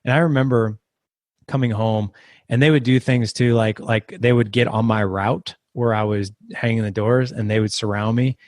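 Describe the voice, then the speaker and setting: A man on a podcast as a guest, telling a personal story in an earnest, halting way with many restarts. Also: medium pitch, steady tone, a little mellow, no echo.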